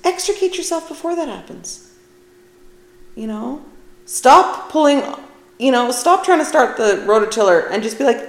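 A woman's voice: high voice, expressive, normal speed. A middle-aged woman hosting her own podcast, talking casually and candidly with a self-deprecating streak. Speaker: podcast host. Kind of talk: casual solo podcast talk. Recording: echoey room.

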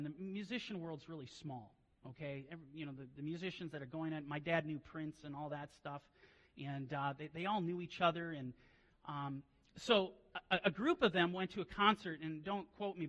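Bright, high-voiced male preacher in a hall. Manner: storytelling that swings from quiet asides to loud, emphatic preaching. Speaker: pastor. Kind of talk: sermon.

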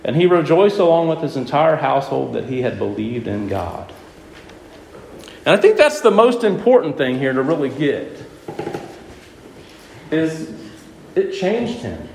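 A man's voice: a little high, measured pace, creaky, pauses often, slight background noise. A man preaching a sermon who keeps putting questions to his listeners and hammers his points home. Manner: lively, questioning the audience, emphatic. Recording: echoey room with faint ambience.

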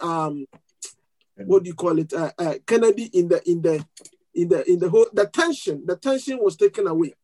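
A male preacher telling a story from the pulpit, lively and chatty. He often stumbles and repeats words as he searches for the next thing to say, then pushes on. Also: high-pitched, poor audio. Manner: repetitive restarts, animated storytelling with laughs. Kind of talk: sermon storytelling.

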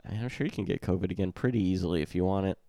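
A man with a lowish, congested voice hosts a relaxed podcast chat, joking and chuckling between lines. He sounds stuffed up from being sick. The recording is close and dry, with no room sound. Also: very fast, no echo. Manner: joking, laughs often. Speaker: podcast host. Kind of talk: casual chat.

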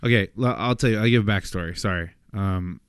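A man's voice: on the low side, quick pace, smooth, no echo, clean studio sound. A man co-hosting a casual podcast, rambling and laughing, swearing freely as he fiddles with a phone call. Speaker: podcast co-host.

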